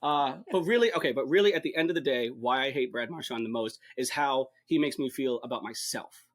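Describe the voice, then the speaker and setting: A young man co-hosting a podcast, ranting sarcastically with deadpan jokes. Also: mid-range voice, a little fast. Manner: sarcastic, joking, deadpan rants. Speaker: podcast co-host. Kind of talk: casual chat.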